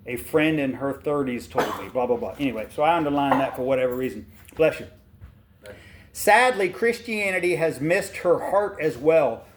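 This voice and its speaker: A man's voice: a little high, lively intonation, normal speed, background noise. A man, hosting a show. He reads aloud from a book and breaks off into blunt, folksy, fired-up rants. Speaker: podcast host reading a book aloud. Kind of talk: casual commentary mixed with reading aloud.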